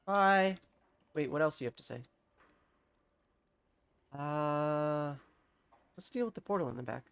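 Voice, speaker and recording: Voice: medium pitch, lively intonation, measured pace, long pauses, a bit bright, clear, resonant tone. A streamer casually commenting on a game and reading its text aloud, now and then swearing. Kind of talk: casual let's-play commentary.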